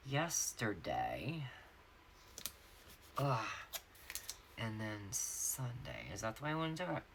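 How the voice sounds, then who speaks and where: A woman's voice: rumbling low, pushed and bright, slight background noise. A woman with a Southern US accent chatting casually to her viewers while setting up her planner and telling stories. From North Carolina, US. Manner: chatty storyteller, addresses viewers as y'all. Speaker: planner vlogger.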